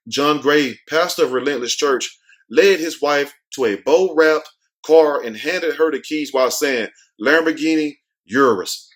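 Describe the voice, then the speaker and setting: A man hosting a casual commentary show, reading news items aloud and riffing on them in a blunt, slangy, animated way. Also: mid-range voice. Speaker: host.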